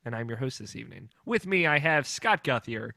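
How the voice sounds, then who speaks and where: A man's voice: mid-range voice, expressive, brisk, vocal fry, pushed and bright, no echo, clean studio sound. A young man hosting a podcast in casual, rambling chat, laughing often. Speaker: podcast host.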